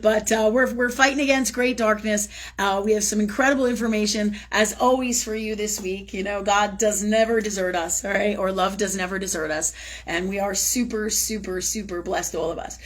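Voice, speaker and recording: A woman's voice: medium pitch, fairly even intonation, moderate pace. A woman hosting a live spiritual talk show, speaking casually and effusively, repeating words for emphasis and swearing now and then. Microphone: live-stream setup.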